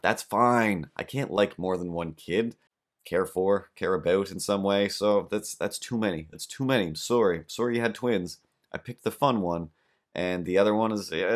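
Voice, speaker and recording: A man hosting a podcast, telling rambling stories with deadpan jokes in a casual, comedic monologue. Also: low-pitched. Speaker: podcast host.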